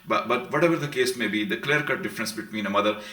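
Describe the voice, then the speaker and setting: Man lecturing on literature, bright voice. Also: fairly low pitch, fast. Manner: reads passages aloud, then explains them with emphatic repetition. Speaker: literature professor. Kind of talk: lecture on a short story.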